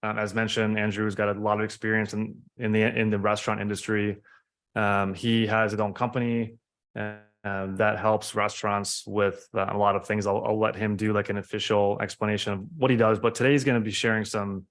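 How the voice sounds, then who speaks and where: A man's voice: on the low side, little pitch movement, a little fast, a bit bright. A man hosting a webinar who introduces a guest in a hesitant way, with many fillers. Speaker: webinar host.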